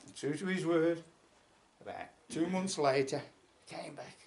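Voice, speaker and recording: A man's voice: a little high, a little slow, long pauses. A man telling a folk tale aloud at a folk club, in a chatty manner with asides. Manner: chatty, lively storytelling with asides.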